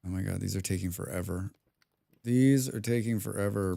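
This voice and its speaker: A young man commenting live on a survival game, excitable, talking to himself, humming and swearing between moves. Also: low-pitched, normal speed, creaky. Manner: excitable, talks to himself, hums and mutters while playing; swears often. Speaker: streamer.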